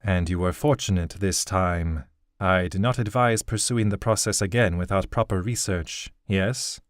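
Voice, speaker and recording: Old male elven seer-king in an audiobook, slow, measured, paternal, voiced by the male narrator. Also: low voice, no echo, clean studio sound.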